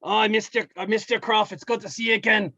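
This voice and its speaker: A rambling dwarf prince in a tabletop game, with a high, gravelly voice and a sharp, bright edge. It is recorded dry on a slightly dull mic. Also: male voice, steady tone, quick pace, no room sound, heavily acted. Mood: cheerful. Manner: rambling, jokey. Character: cheerful dwarf prince returning home.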